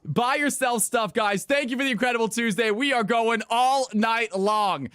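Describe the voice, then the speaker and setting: A man hosting a live stream of viewer games, hyping up his chat with excitable shouting and cheering. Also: extremely high pitch, moderate pace, clean tone, no room sound, studio quality. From California. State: out of breath. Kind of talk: live-stream hype commentary.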